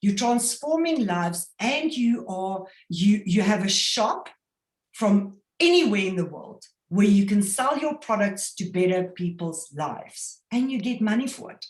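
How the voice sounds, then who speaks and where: A South African woman training on an online business call, upbeat and lively as she acts out little everyday scenes. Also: mid-range voice, measured pace, roomy sound. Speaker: network marketing trainer.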